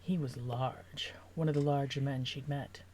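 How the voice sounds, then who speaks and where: A woman's voice: very deep voice, steady tone, unhurried, a little mellow, slight background noise. A woman author reading her own novel draft aloud, stopping now and then to rework a sentence.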